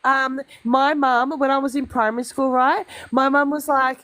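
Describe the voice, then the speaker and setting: A woman's voice: sits high, fairly even intonation, normal speed, few pauses, a bit bright, no echo. An Australian woman guesting on a livestream, chatting casually and telling rambling stories with blunt, swearing asides into a phone mic. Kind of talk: casual chat.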